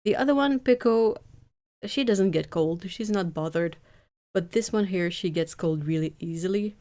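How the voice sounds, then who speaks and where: A woman's voice: lowish voice, moderate pace, warm tone. A woman chatting casually on a live stream from her home painting desk, rambling with frequent restarts. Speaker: art streamer.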